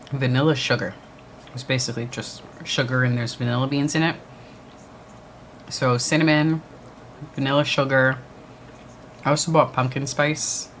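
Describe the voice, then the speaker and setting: A man's voice: mid-range voice, a bit bright, a little hiss or hum. A man co-hosting a livestream watch party, chatting casually and answering viewer comments. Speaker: livestream co-host. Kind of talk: casual chat with live chat.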